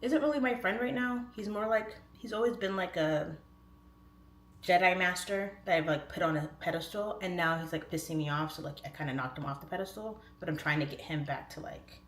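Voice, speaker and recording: Thirties woman, stream host, chatty comic storyteller with rambling asides, lowish voice, roomy echo. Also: a little fast. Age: 30s. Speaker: livestream host. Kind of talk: casual chat, comic storytelling. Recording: echoey room.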